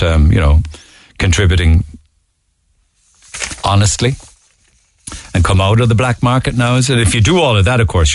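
A man's voice: low-pitched, slight background noise. A man with a Cork Irish accent hosting a talk radio show, reading listener texts in a chatty, amused way. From Ireland. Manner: chatty, amused, often laughing. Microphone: studio microphone.

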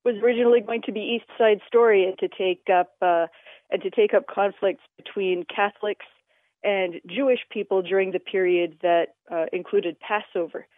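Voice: medium pitch, steady tone, moderate pace, no room sound. An interview guest explaining language history in a radio interview, talking with many filler sounds. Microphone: telephone. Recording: tinny phone line, dry.

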